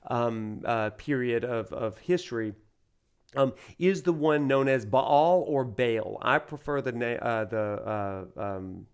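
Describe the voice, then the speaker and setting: A man's voice: mid-range voice, slow, clean tone. Casting: a Southern US man, a professor lecturing over gameplay, chatty and rambling, with a mid-range voice. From Alabama, USA. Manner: animated, rambling and full of fillers. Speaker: university professor.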